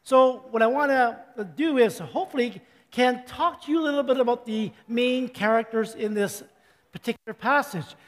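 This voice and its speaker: An older man giving a chatty, joking sermon as a pastor, his voice slightly hoarse and often interrupted by throat clearing. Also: extremely high pitch, moderate pace, big-room sound.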